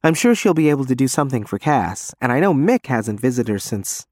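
Guy doing a dry witty young woman, higher voice, bouncy, dry close sound. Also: sing-song, fairly quick, darkish tone, no room sound. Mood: wry.

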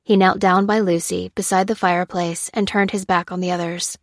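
A woman narrating an audiobook in a steady, measured storytelling voice. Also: fairly low pitch, dry recording, studio quality. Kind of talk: scripted narration.

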